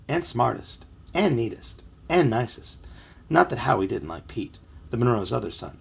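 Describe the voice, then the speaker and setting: Gravelly man reading a storybook aloud. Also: medium pitch, moderate pace, lo-fi sound. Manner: lively and expressive. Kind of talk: reading a children's book aloud.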